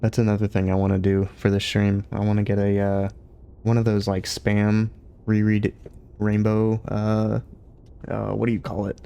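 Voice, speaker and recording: A young man on a livestream, reading a novel aloud and chatting casually between chapters with a relaxed, easygoing manner. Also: lowish voice, normal speed, gravelly, clean tone. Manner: relaxed, chatty, laughs easily. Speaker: streamer reading a book aloud.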